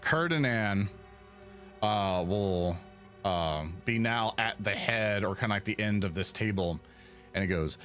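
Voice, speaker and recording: Slow, low-voiced male game master. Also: expressive, fairly bright tone, soft background music. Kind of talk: narrating a tabletop game.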